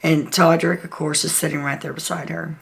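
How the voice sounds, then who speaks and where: A woman's voice: sits low, level tone, fairly quick, creaky. A woman host chatting through a casual, gossipy recap of a reality show, full of "like" and "um".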